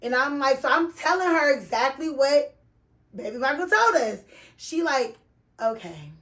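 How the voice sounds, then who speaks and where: A woman with a high voice and a Texas accent tells a story in a loose, casual way. Her talk is full of slang and swearing. She slips into the voices of the people she quotes as she goes. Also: measured pace. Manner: animated, profane, slangy, acts out quoted voices. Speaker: vlogger telling a story.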